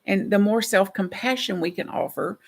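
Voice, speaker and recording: A middle-aged woman minister giving a gentle, reflective sermon with soft laughs. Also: mid-range voice, normal speed, gravelly.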